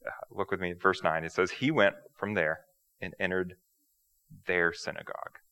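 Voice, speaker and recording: A man's voice: low-pitched, fairly even intonation, moderate pace, pushed and bright, rough recording. A man preaching a sermon in a church, explaining scripture in a conversational way, often repeating a word as he goes. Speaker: pastor. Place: church sanctuary.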